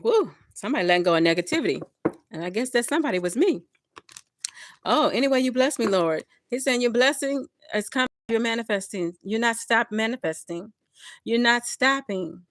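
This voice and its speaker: A woman's voice: a little high, lively intonation, a little fast, a bit bright, no room sound, clean studio sound. A woman giving a collective tarot reading, talking straight to her viewers in a repetitive, encouraging way. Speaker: tarot reader. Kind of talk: collective tarot reading, spiritual pep talk.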